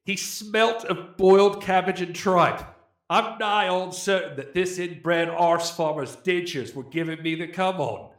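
A man's voice: sits high, expressive, a little slow. A man voicing a crude British male film reviewer who rants with over-the-top insults, in an echoey room. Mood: ranting.

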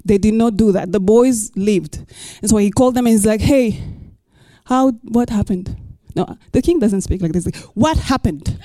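A middle-aged woman pastor preaching a sermon and reading scripture, expressive, with playful asides and rhetorical questions. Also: mid-range voice, moderate pace, dry recording.

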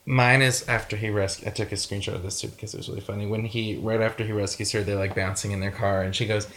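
A woman's voice: very deep voice, fairly even intonation, quick pace, a bit bright. A woman hosting a casual movie podcast, chatty and leading the segments. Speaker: podcast host.

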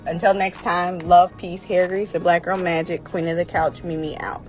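A woman podcast host chatting casually and excitedly about a TV episode, with lots of fillers and asides. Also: fairly low pitch, moderate pace, muffled recording, soft background music. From Washington state, US. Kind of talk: casual fan recap chat.

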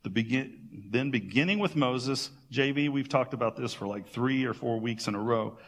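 A man pastor giving a sermon, retelling scripture as casual, animated storytelling with playful asides. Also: mid-range voice, normal speed, long reverb tail, a little hiss or hum.

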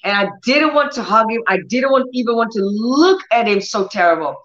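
A woman's voice: a little high, expressive, brisk, a bit bright. Woman, livestream healing preacher, bold commanding prayers, echoey room. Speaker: healing ministry host. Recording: roomy, dull lo-fi stream audio.

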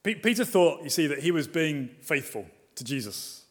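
Man, preacher, sermon, higher-pitched voice, emphatic then quiet, rhetorical questions. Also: big pitch swings, normal speed. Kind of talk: expository sermon.

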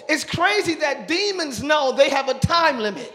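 High, bright-voiced preaching pastor. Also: male voice, animated, moderate pace, few pauses, big-room sound, a faint crowd. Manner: preaching with call-and-response to the congregation; builds from conversational to loud shouting praise. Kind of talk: sermon. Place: church sanctuary with congregation.

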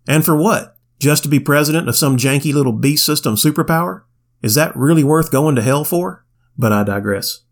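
Wry plainspoken man. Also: medium pitch. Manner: wry, plainspoken, quick asides. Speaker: podcast co-host. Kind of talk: casual Bible commentary.

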